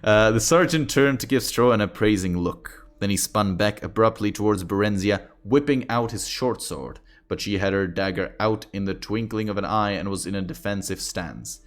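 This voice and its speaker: A man's voice: lowish voice, normal speed, hardly any pauses. A man reading a fantasy book aloud on a stream, breaking off now and then for offhand, joking asides. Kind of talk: casual reading with commentary.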